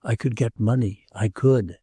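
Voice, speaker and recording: A male audiobook narrator voicing a restless, earnest princess who speaks gravely and pleads. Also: mid-range voice, animated, moderate pace, warm tone, no echo, studio quality. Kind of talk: audiobook character reading.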